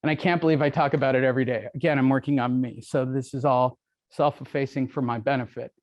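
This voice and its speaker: A man's voice: medium pitch, steady tone, fast, a little mellow, dry recording, highs cut off. A middle-aged man giving a live seminar talk to a room, brash, joking and self-deprecating. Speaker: real estate speaker. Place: meeting room with audience.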